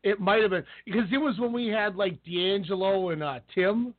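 A man with a high, light voice chats loosely on a call-in podcast, laughing and wandering through his stories. The sound is thin and tinny like a phone line, dry and close with no room around it. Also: moderate pace, dry recording. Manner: laughing, rambling storyteller. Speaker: podcast co-host. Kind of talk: casual chat.

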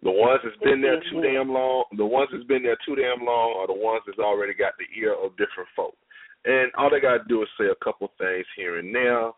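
A man's voice: medium pitch, steady tone, brisk, no room sound. A man chatting bluntly and laid-back on a call-in talk show. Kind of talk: casual chat. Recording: dry tinny phone-line audio.

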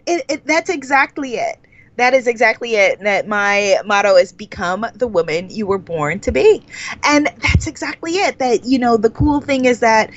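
A woman guest in a casual podcast interview, telling a story and acting out her own reactions with big, excited jumps in her voice. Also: medium pitch, moderate pace, muffled recording.

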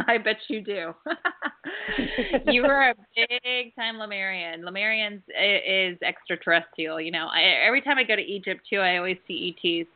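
A woman hosting a call-in show about past-life healing, telling stories in a chatty, animated way with many fillers. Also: medium pitch, normal speed. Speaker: host and past-life healer. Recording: phone-like narrow band.

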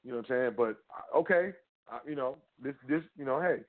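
Brisk and medium in pitch, a trust law educator gives a rambling, informal lecture. He keeps asking questions and answering them himself while speaking right to the listener, all captured in narrow, phone-like audio.

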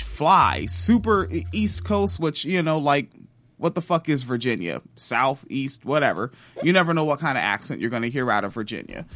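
Male podcast host, mid-pitched, loose and profane, lots of fillers, casual commentary. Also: a bit bright. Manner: loose and profane, with many ums and uhs. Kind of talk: casual music-history commentary.

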